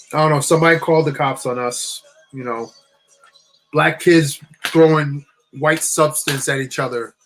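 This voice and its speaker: A man's voice: mid-range voice, fairly bright tone, rough recording. Guy from new jersey telling a story, lots of restarts and repeats, faint music behind. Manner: halting, repetitive, many restarts. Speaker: channel co-host. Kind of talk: personal storytelling.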